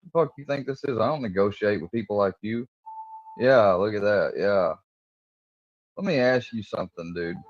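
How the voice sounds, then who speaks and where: A man's voice: on the low side, moderate pace. A man on a livestream, arguing in a combative, profane, mocking way. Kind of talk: heated livestream argument. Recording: dull lo-fi stream audio.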